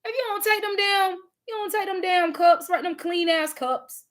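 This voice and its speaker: A woman with a Southern US accent, talking in a casual spiritual vlog, animated and profane, often laughing and repeating words. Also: extremely high pitch, normal speed. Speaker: spiritual content creator.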